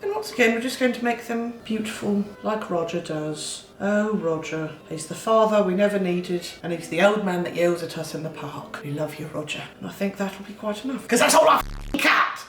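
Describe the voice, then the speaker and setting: A woman's voice: mid-range voice, lively intonation, normal speed, a bit bright, soft background music. A young woman in her twenties hosting a comedic cooking vlog, putting on a playful mock English accent with cheeky, profane, self-mocking asides. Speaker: host. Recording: echoey room, mic at a distance.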